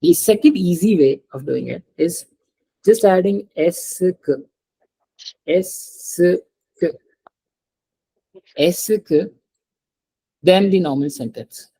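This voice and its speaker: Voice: mid-range voice, slow, pauses often, warm tone, husky, poor audio. A French teacher gives a live lesson. The teacher explains step by step, repeats each example and often checks that the student understands. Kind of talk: live online language lesson.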